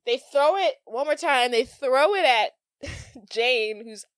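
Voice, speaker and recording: A woman's voice: high voice, takes it slowly, clean tone, no room sound, studio quality. Chatty woman retelling a movie plot. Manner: animated storyteller, acts out quotes, lots of "like". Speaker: podcast co-host.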